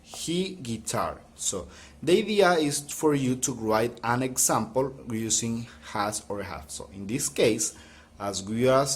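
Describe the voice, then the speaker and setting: Slow, patient male English teacher. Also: medium pitch. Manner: slow, patient explaining with many restarts. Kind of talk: recorded video lesson.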